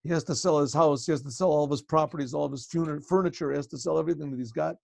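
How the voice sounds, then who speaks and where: A male rabbi telling a story to a class over a video call, conversational and often clearing his throat. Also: on the high side, very fast, a little mellow, no room sound.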